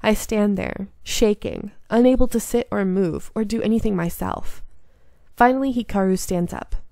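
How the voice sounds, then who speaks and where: Woman, game streamer, reads a story game aloud, earnest and invested; gravelly edge, dry close mic. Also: medium pitch, warm tone, no echo. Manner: earnest, emotionally invested reading.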